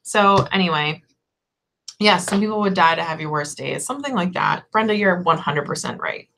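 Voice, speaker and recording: A woman's voice: lowish voice, animated, moderate pace, bright, forceful tone, slight background noise. A woman shop owner chatting casually on a tarot livestream, rambling and giggly, with lots of fillers.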